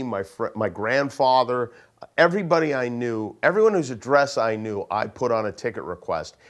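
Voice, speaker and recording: A man reminiscing in a casual, animated, anecdotal way. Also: mid-range voice. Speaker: interview guest.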